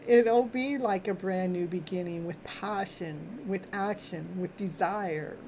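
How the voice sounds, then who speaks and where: A woman hosting a live tarot reading, chatty and reassuring, often clearing her throat and laughing as she talks. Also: medium pitch, lively intonation, slow, darkish tone, slight background noise. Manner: repetitive, reassuring phrasing. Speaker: tarot reader and host.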